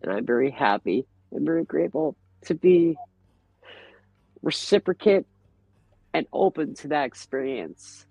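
A man's voice: on the high side, animated, measured pace, creaky, pauses often, a little mellow, no echo. A man guest on a podcast, talking casually and earnestly about his feelings and his bond with nature. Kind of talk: casual conversation. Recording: dull, lo-fi podcast audio.

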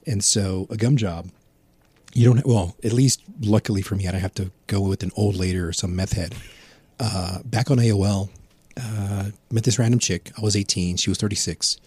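A man's voice: fairly low pitch, fairly even intonation, normal speed, darkish tone, slightly rough, no echo. A middle-aged man, a podcast guest, telling a rambling, profane story in casual chat. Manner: rambling, profane, laughs at his own story.

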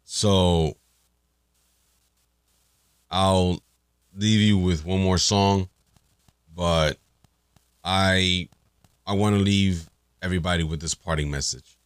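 A male podcast host giving an earnest, halting sign-off, repeating words as he searches for them. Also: low-pitched, fairly even intonation, smooth, dry recording, studio quality.

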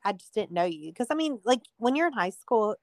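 A woman's voice: medium pitch, very animated, brisk, no room sound, clean studio sound. A young woman co-hosting a podcast, chatting casually and mostly reacting with short comments and laughs. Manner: brief reactions, laughs along. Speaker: podcast co-host. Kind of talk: casual chat.

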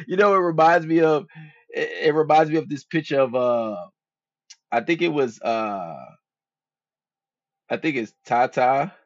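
A man's voice: fairly high pitch, measured pace, pauses often, no echo. A man hosting a podcast, talking casually about dating in a slangy, profane, loosely rambling way. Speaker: podcast host. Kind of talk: casual monologue, dating advice. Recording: dull lo-fi dry recording.

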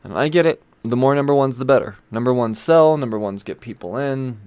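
A man's voice: mid-range voice, fairly quick, darkish tone, smooth, no room sound. A man talking casually about comic books, rambling and chatty, with lots of fillers and some swearing. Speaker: comic book reviewer. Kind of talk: casual chat.

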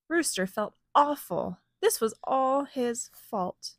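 A woman's voice: on the high side, animated, slow pace, hardly any pauses, no echo, clean studio sound. Playful woman reading a picture book. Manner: gentle, playful, gasps for suspense. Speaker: parent reading to a child.

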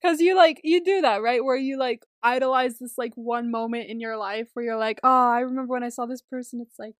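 A woman's voice: a little high, steady tone, a little fast, dry recording, studio quality. A woman co-hosting a podcast in casual chat, laughing often and acting out quotes. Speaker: podcast co-host.

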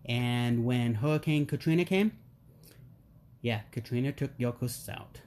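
A man's voice: medium pitch, a little slow. A middle-aged man as a podcast guest, telling family stories in a casual, joking way and acting out the voices in them. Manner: animated storyteller, acts out quotes, jokey. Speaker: interview guest.

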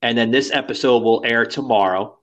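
A man's voice: medium pitch, a little fast, fairly bright tone. A man hosting a podcast in casual chat, rambling and crude, with many fillers. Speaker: podcast host.

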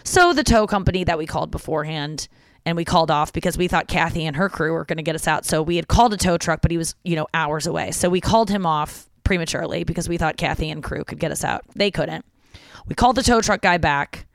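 A woman hosting a podcast, telling a story in a lively, rambling way full of "like" fillers. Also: sits low, fast, gravelly, dry recording, studio quality. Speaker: podcast host. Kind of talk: casual comedic storytelling.

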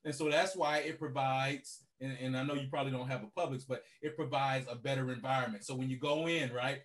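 A man's voice: medium pitch, steady tone, a little fast, a bit bright. A man who owns a car rental business, talking animatedly as a podcast guest and tagging his points with "right?". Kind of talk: casual podcast conversation.

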